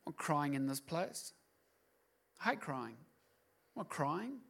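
A man's voice: on the high side, very animated, slow pace, vocal fry, fairly bright tone. A middle-aged man preaching a sermon as pastor, passionate and building to emphatic outbursts.

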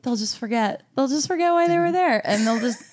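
A woman's voice: high-pitched, animated, brisk, very noisy. A young woman doing a stand-up comedy set on a podcast, telling a story with a lot of laughter and voiced asides.

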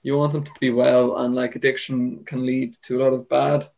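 A man's voice: medium pitch, little pitch movement, brisk, creaky, a little mellow, lo-fi sound. Young man, podcast co-host, casual, reflective, hedging talk. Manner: reflective, hedging with "like" and "I don't know". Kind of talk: casual chat.

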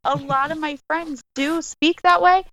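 A woman's voice: sits high, fairly even intonation, a little slow, dull audio, a crowd in the background. Chatty young woman from New Jersey. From northern New Jersey. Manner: chatty, says "like" often, laughs easily. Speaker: guest. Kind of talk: casual interview chat.

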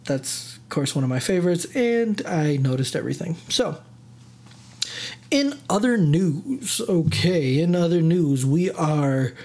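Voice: mid-range voice, moderate pace, few pauses, warm tone. A podcast host in a casual monologue, telling stories in a chatty way, full of fillers and restarts. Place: lives in Chicago area.

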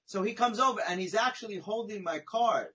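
A man, a podcast guest, telling a long personal story in a chatty, animated way, often tagging his sentences with "right?" and "you know?". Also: high voice, fairly quick, slightly rough, poor audio. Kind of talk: conversational storytelling.

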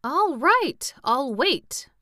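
A woman voicing an earnest, slow-witted male pumpkin-headed wooden man in a storybook reading. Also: mid-range voice, lively intonation, sharp tone, clean tone, no echo, clean studio sound, pitched above the performer's own voice.

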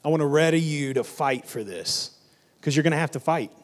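A man's voice: a little high, a little fast. A male pastor preaching a sermon, building intensity and repeating lines for emphasis, with casual phrasing like "y'all" and "ain't.". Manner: colloquial Southern-church phrasing, "y'all" and "ain't".

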